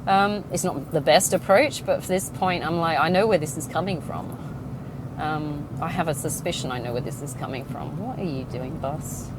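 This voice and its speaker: A woman's voice: sits low, moderate pace. Blunt, sweary woman talking in a car. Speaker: podcast host. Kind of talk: casual monologue. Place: inside a car. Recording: car road noise.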